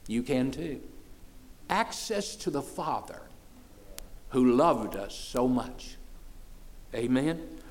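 Preaching slowly in church, this man in his sixties leaves long pauses and keeps his intonation lively. He's folksy and plain-spoken, his voice rising loud for praise before sinking soft and low.

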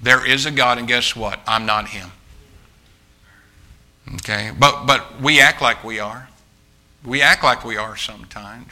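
A male pastor delivers a sermon to a congregation in a church, with a very bright, tense and cutting tone. He is emphatic and insistent, repeats himself as he restarts phrases, and keeps addressing the room directly. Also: medium pitch, measured pace, pauses often. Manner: emphatic preaching, often restarting phrases and calling out to the congregation as folks.

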